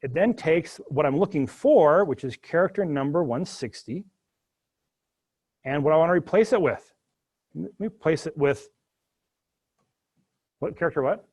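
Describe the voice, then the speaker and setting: A man's voice: a little high, normal speed, pauses often, breathy edge. A man teaching a live spreadsheet coding lecture to his students, talking through each step with jokey asides. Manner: animated, jokey asides while working through code. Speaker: university instructor.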